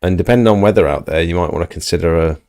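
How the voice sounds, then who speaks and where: Deep-voiced man chatting on a livestream. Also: racing, creaky, a little mellow, dry recording. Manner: chatty, reading viewer comments aloud. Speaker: livestream host. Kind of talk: casual livestream chat.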